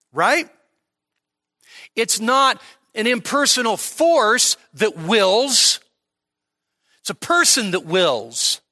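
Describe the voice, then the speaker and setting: A male pastor teaching an expository sermon at a midweek church service, conversational and emphatic, checking in with "okay?" and slowing down to stress key phrases. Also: high-pitched, sharp tone.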